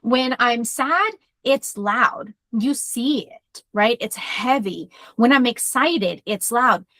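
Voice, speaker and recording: A woman therapist co-hosting a podcast, talking in a loud, energetic way as she tells personal stories in casual chat. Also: on the high side, slow pace, no room sound.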